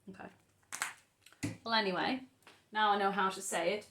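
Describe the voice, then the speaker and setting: A woman's voice: medium pitch, normal speed, pauses often, a bit bright, a little hiss or hum. A woman from the UK chatting casually at home, rambling and often dropping to a murmur. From United Kingdom. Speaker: vlogger. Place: indoors at home. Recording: roomy, distant camera mic.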